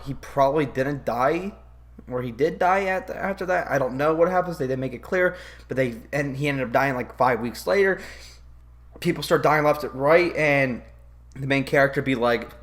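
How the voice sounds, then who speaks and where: A man reviewing a movie in a profane, exasperated comedic rant while drinking whiskey. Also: medium pitch. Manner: swears constantly, loud and exasperated.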